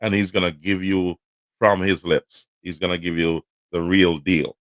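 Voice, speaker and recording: A man's voice: low-pitched, steady tone, normal speed, dry recording, poor audio. A man hosting a podcast show, talking casually with many fillers and restarts. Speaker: podcast host.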